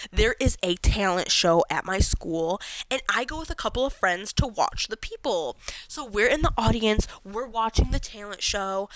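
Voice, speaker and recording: A woman's voice: mid-range voice, a bit bright, no room sound, rough recording. A young woman telling a personal story in casual chat, gushing and dramatic, acting out her own past lines and laughing often.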